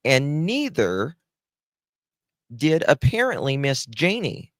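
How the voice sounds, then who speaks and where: A man's voice: on the high side, big pitch swings, slow, fairly bright tone, no echo, clean studio sound. A man giving angry, profane, sarcastic commentary on case documents as a true crime host.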